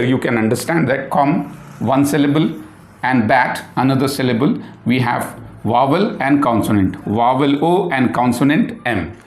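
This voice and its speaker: A man whose first language is Urdu teaching a phonics lesson in English, spelling words out letter by letter and repeating himself often with many fillers. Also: mid-range voice. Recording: echoey room.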